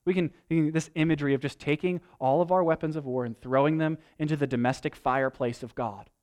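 Animated man preaching a sermon. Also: on the high side, quick pace. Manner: animated storytelling, rising to emphatic peaks. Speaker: pastor.

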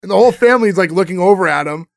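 High-voiced man recapping a show. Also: vocal fry, no room sound, studio quality. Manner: animated storytelling, acting out scenes in quick quoted voices. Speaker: podcast host recapping a sitcom episode. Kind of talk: casual chat.

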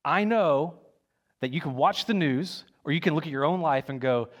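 A young adult male pastor delivering a sermon, his voice slightly higher than most men's. He preaches casually and with energy, often restarting a phrase or dropping in a filler before pressing on. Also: lively intonation, moderate pace, fairly bright tone.

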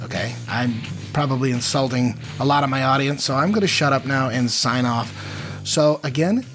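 With faint guitar music in the background, a man hosting a podcast drifts through a self-deprecating story in relaxed monologue, using plenty of fillers. He has a medium-pitched, slightly bright voice and a moderate pace.

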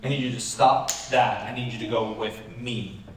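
Man quoting a firm calm teacher, low quiet insistent voice, echoey room, far mic. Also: normal speed, lightly acted.

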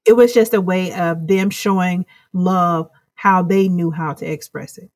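A woman's voice: on the low side, steady tone, a little slow, no room sound. A woman guest in an interview, speaking earnestly and reflectively, rambling through her thoughts. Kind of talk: casual interview chat.

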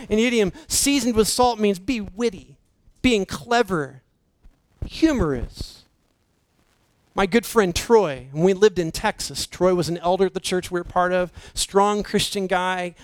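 A man preaching a sermon, slow and emphatic, dropping his voice low for key points. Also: clear, resonant tone, rough recording. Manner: slow, emphatic preaching with dramatic drops to near-whisper. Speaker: pastor.

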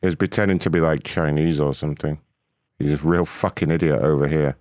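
A man's voice: a bass voice, steady tone, fairly quick, a little mellow, no room sound, studio quality. A man hosting a prank call show, talking in crude, mocking, rambling banter. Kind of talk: casual profane banter.

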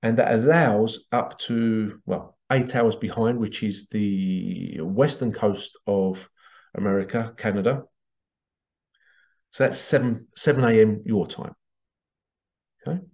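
A man who leads past life regression workshops, telling stories in a chatty, animated way. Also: fairly low pitch, slow pace. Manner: chatty, animated, laughs often. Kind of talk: casual storytelling promo. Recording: dull lo-fi recording.

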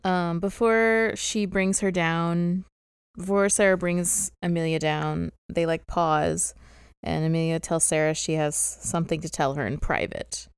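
Woman, lowish voice, podcast co-host, casual recap chat, giggly, dry close recording. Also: fairly even intonation, a little slow, smooth, dry recording. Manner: giggly, laughs often while recapping.

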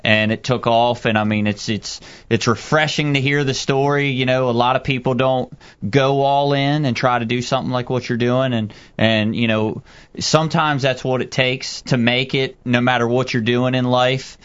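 A man's voice: medium pitch, fairly even intonation, moderate pace, fairly bright tone, smooth. A male co-host who owns a business, speaking plainly and encouragingly. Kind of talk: casual radio chat. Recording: slightly dull audio.

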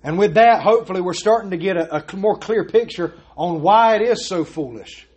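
A man's voice: high-pitched, moderate pace, a little mellow. A man preaching a sermon as pastor, earnest and emphatic, stressing his points and asking rhetorical questions.

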